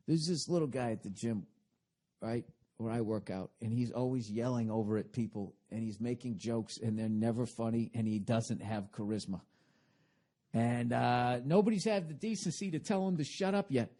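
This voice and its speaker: A middle-aged man hosting a comedic podcast monologue, ranting profanely and swinging between loud and quiet. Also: on the low side, fairly quick. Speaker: podcast host.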